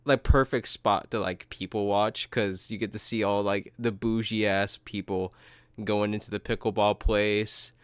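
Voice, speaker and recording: A man with a low-leaning, smooth and clear voice hosts a casual podcast chat. He swears freely, laughs often and strings his thoughts together with "like" and "dude". The sound is close and dry. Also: fairly even intonation, unhurried, no room sound. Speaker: podcast host.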